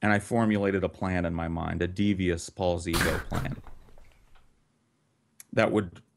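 A man telling a wild story on a podcast, casual, profane and vivid, with an animated delivery. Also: deep voice, unhurried, creaky, background noise.

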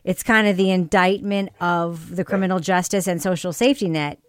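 A woman hosting a casual discussion, animated, her pitch leaping up on her questions. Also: a little fast, smooth. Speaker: podcast host.

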